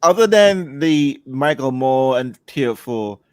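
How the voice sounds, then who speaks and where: Lively joking man on a podcast. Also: mid-range voice, smooth, no room sound. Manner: rambling, joking, halting restarts. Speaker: podcast co-host. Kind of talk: casual chat.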